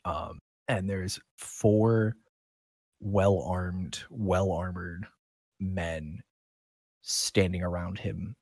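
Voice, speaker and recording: A man running a tabletop game as game master, narrating in a relaxed, rambling way with many fillers. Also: low voice, drawn-out words, long pauses, dry recording.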